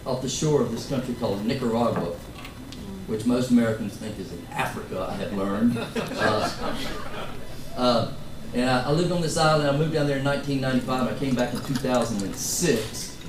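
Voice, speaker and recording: A man's voice: medium pitch, moderate pace, background noise. A man from Florida, a singer-songwriter chatting between songs on stage at a pub, rambling and joking with wry asides to the crowd. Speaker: singer-songwriter performing live. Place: live music pub on stage. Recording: echoey club recording from far off. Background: guitar and band music.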